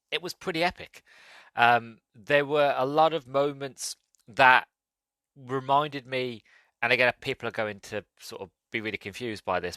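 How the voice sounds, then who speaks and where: A man's voice: mid-range voice, sharp tone, no room sound. A man hosting a podcast, rambling through a casual solo movie review with frequent self-corrections. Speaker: podcast host.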